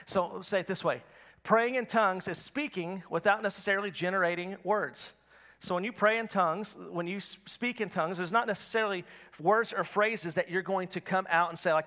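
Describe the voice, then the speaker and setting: A man's voice: high-pitched, fast, bright, forceful tone. A man preaching a sermon as pastor, talking in a conversational, storytelling way with frequent restarts.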